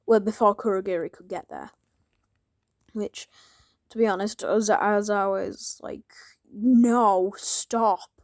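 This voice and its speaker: Gravelly rambling young woman fan. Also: mid-range voice, fairly even intonation, unhurried, long pauses, no echo, studio quality. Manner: rambling, self-interrupting, drops into whispers. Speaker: fan theorizing about a crossover. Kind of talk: casual rambling monologue.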